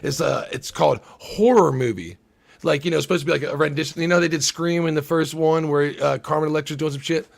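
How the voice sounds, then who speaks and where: A man's voice: fairly high pitch, fast, vocal fry. A man hosting a livestream discussion show, talking in a rambling, profane way and acting out movie lines. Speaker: podcast host. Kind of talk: casual livestream chat.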